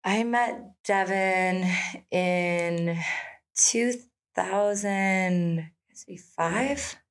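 A woman in her thirties, a guest on an interview podcast, speaking candidly and hesitantly with many pauses. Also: mid-range voice. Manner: candid and hesitant, full of pauses and "you know". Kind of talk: casual interview chat.

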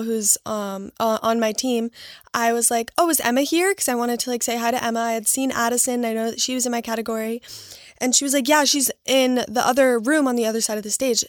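Young woman rambling excitedly, lots of "like," kinda high voice, dry close sound. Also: no room sound. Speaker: award winner. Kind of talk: casual storytelling.

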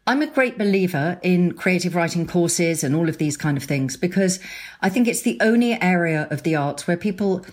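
A middle-aged woman novelist chatting in an interview, animated, laughing often and restarting her sentences. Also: on the low side, moderate pace. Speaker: novelist guest. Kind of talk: casual interview chat.

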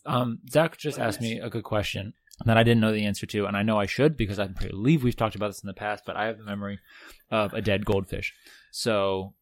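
Man host, lowish pitch, dry close sound, easygoing jokey chat. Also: steady tone, brisk, dry recording. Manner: joking, chatty, self-deprecating. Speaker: podcast host. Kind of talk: casual whiskey-tasting chat.

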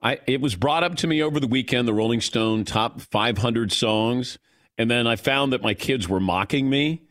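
A man's voice: mid-range voice, normal speed, fairly bright tone, dry recording, studio quality. A man in his sixties hosting a sports radio show, telling self-mocking stories in a casual chat and acting out the lines of the people in them. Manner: storytelling, self-mocking, acts out quotes. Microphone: studio microphone.

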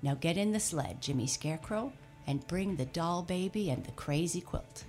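A woman voicing a jolly, brisk old male Santa Claus in a hearty, bustling manner. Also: fairly low pitch, animated, darkish tone, soft background music.

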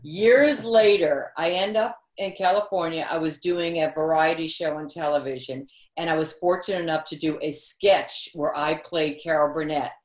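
A woman from Massachusetts, a comedic actress and author, telling stories as an interview guest with lively acted-out quotes. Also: low voice, normal speed, few pauses, echoey room. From Quincy, Massachusetts. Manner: lively storyteller, acts out quotes. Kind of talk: storytelling in an interview.

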